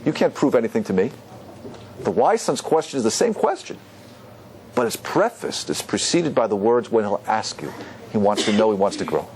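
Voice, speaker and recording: A man's voice: on the low side, moderate pace, a little hiss or hum. A man, a rabbi, teaching a Torah class and asking his listeners questions. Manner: animated, asks the audience questions.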